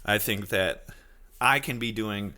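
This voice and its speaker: A man in his thirties hosting a casual solo podcast, rambling loosely and reacting to his chat, now and then slipping into high silly voices to quote people. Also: takes it slowly, pushed and bright. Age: 30s. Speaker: podcast host.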